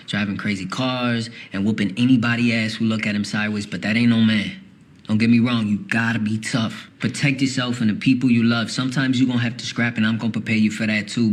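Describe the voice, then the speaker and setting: An actor playing a tender father who softly reassures his young son. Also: fairly low pitch, close to an everyday voice. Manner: gentle, soft-spoken, reassuring. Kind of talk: film drama.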